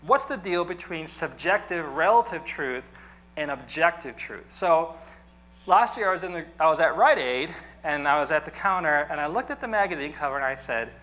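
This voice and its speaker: A man's voice: on the high side, expressive, moderate pace, pushed and bright. A man teaching an apologetics class in a conversational, joking manner, often checking in with the room. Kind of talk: classroom lecture.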